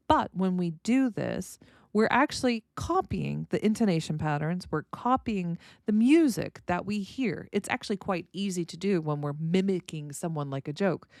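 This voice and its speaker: A woman's voice: lowish voice, a little mellow, dry recording, clean studio sound. An American woman hosting a solo podcast lesson, explaining points and illustrating them with spoken examples. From United States. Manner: explanatory, demonstrates with vocal examples. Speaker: podcast host and language teacher.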